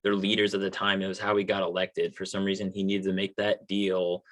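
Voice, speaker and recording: A man's voice: low-pitched, monotone, a little fast. A man from Texas co-hosting a podcast, talking politics in an emphatic, loose and profane way. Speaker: podcast co-host. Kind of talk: casual political chat.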